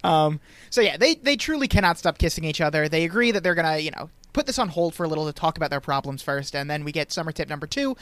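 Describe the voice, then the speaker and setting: A man's voice: fairly high pitch, lively intonation, fast, fairly bright tone, no room sound. A man from Long Island hosting a podcast, recapping a TV episode in casual chat and laughing often as he goes. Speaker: podcast host.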